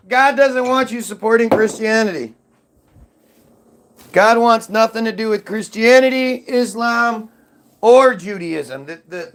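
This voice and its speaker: A man's voice: sits high, fairly bright tone. A man hosting a livestream, rambling and swearing while reading things aloud from his screen. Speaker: livestream host.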